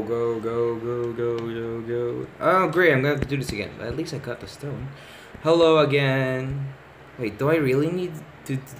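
Excitable man narrating a horror game. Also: medium pitch, a little hiss or hum. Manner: excitable, talks to himself, repeats words. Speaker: gamer. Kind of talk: let's play commentary.

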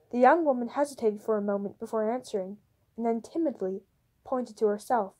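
A woman reading a novel chapter aloud in steady storybook narration. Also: on the high side, fairly quick. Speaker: audiobook reader.

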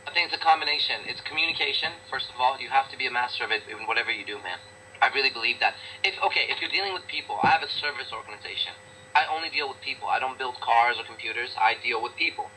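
A man's voice: mid-range voice, racing, sharp tone, slight background noise, poor audio. A man answering interview questions in a blunt, emphatic, profane way, often repeating himself for emphasis. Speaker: interview guest, business owner. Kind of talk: casual interview talk.

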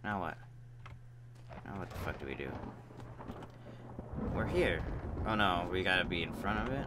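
A man's voice: low-pitched, animated, a little slow, pauses often. A young man swearing and joking through casual gameplay commentary. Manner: profane, joking, talks to the game. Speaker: gamer. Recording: keyboard and typing noise behind.

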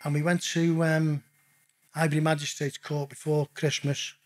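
A man's voice: fairly high pitch, normal speed. A man telling his own stories as a podcast guest, swearing constantly and calling the host mate. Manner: lively anecdotal storyteller, addresses the host as mate. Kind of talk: casual podcast interview storytelling.

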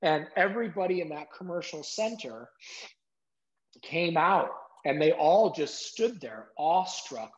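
Animated middle-aged man telling a story. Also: fairly high pitch. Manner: animated, acts out quotes, many "like" fillers. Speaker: interview guest. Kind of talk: emotional storytelling in an interview. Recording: dull lo-fi sound.

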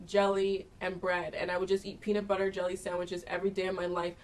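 A woman's voice: lowish voice, completely flat delivery, quick pace, recorded from a distance. A young woman from Canada chatting casually in a storytime vlog, animatedly retelling a bad date with quoted dialogue. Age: young adult. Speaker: vlogger.

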